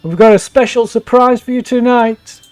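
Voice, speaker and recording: A man voicing a drunken, boastful male record label boss in a tabletop game, shouting to a party crowd. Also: extremely high pitch, fairly even intonation, normal speed, no echo, pitched above the performer's own voice. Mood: boisterous.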